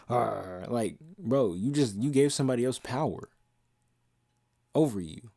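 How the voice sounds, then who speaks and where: A man's voice: fairly low pitch, moderate pace, mellow, no echo, clean studio sound. A young man talking casually and passionately as a podcast host, blunt and profane, sometimes half-singing lyrics. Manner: half-sings song lyrics he quotes. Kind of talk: casual monologue.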